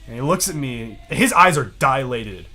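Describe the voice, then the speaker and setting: Animated young man telling a story. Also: medium pitch, normal speed, soft background music. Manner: animated, acts out quotes in other voices, laughs often. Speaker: podcast co-host. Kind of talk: casual storytelling.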